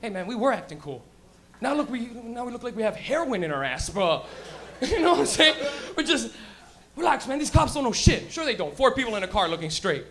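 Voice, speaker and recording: Brash male stand-up host with a very high voice, profane, slips into character voices. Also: sing-song, a little fast, fairly bright tone. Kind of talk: stand-up comedy routine. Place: live comedy lounge.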